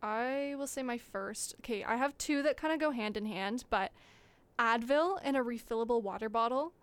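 A young woman, co-hosting a casual podcast, upbeat with quick reactions. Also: on the high side, clean tone, no echo. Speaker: podcast co-host. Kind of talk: casual chat.

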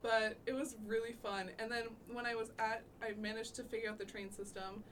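Pitched on the high side, this young Canadian podcast co-host talks briskly with a flat delivery over background noise. Her casual chat is full of "like," and she laughs a lot.

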